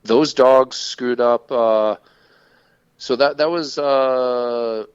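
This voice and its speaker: A man co-hosting a podcast, telling a casual, profane story in an animated way. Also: medium pitch, drawn-out words, clear, resonant tone, no echo. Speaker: podcast co-host. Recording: dull lo-fi sound.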